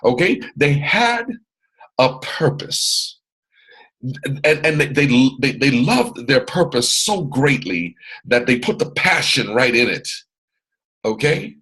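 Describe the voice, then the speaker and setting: A man's voice: medium pitch, very animated, a little slow, pushed and bright, breathy edge, poor audio. A man leading a motivational training session on a video call, boisterous and strong in his delivery, repeating phrases like a preacher. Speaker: mentor hosting a training call.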